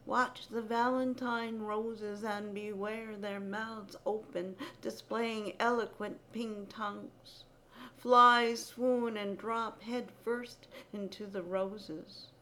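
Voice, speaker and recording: A woman giving a dramatic poetry reading, incantatory, with sudden loud outbursts. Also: on the high side, fairly even intonation, takes it slowly.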